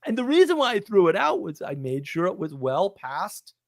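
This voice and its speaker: A man, telling a story on a live stream in an animated, indignant way. He laughs often and repeats words. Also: high-pitched, moderate pace, no room sound. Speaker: podcast host.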